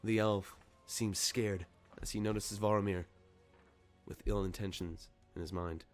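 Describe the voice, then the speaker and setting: A man with a fairly low voice narrates a tabletop game as game master. He talks loosely, stumbling and restarting, while soft music plays faintly behind. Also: steady tone, unhurried.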